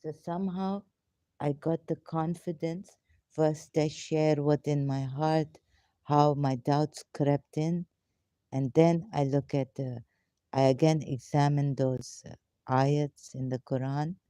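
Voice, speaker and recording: A woman hosting a casual live question-and-answer session, talking in halting, rambling, broken English with frequent fillers, and sometimes talking to herself. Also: deep voice, steady tone, dark tone, no room sound. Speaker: live Q&A host.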